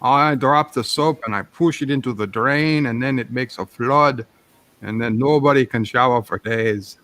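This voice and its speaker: A man's voice: mid-range voice, normal speed, fairly bright tone. A man hosting a live stream, chatting casually and joking, slipping into put-on accents. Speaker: streaming show host. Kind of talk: casual chat.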